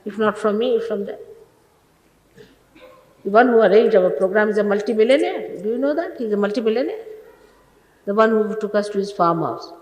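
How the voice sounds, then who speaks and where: A woman's voice: mid-range voice, animated, moderate pace, pauses often, darkish tone, echoey room, big-room sound, low-quality recording. An older woman giving an informal sermon to her followers as a spiritual teacher, emphatic and scolding, full of rhetorical questions, in an old archive recording.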